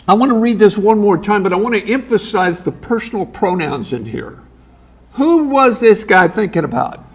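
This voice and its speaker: A pastor delivers a sermon in a high, gravelly voice. He reads scripture aloud and pauses for emphasis. His delivery is deliberate and emphatic.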